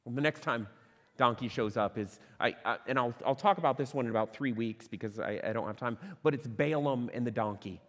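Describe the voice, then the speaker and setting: A man preaching a sermon as pastor, conversational and animated, asking rhetorical questions and restarting phrases. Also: medium pitch, fairly quick, in a large hall. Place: church sanctuary.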